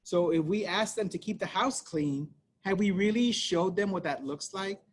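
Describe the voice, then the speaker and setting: A man with a fairly high voice leads an online parenting workshop. He talks fast and casually, checking in with "right?" as he goes. There is faint background noise on the video call audio. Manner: talks fast, conversational, many fillers and "right?".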